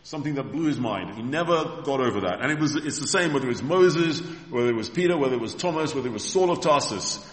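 A man's voice: mid-range voice, expressive, fast talker, few pauses. Male preacher, storytelling sermon delivery, mid-range voice, long hall reverb. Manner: retells scripture scenes as vivid stories, addressing the congregation. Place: church hall.

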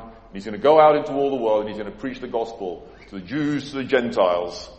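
Preacher in an echoing hall. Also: male voice, lowish voice, brisk, hardly any pauses, darkish tone. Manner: dramatic, acts out quoted voices, rising to emphatic peaks. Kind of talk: sermon. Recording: echoey hall with long reverb.

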